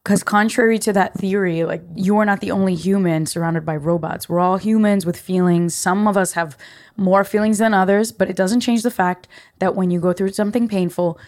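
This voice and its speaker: A woman's voice: medium pitch, steady tone, brisk, a little mellow. A young woman hosting a podcast, talking casually and emphatically in slangy, chatty life advice. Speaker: podcast host.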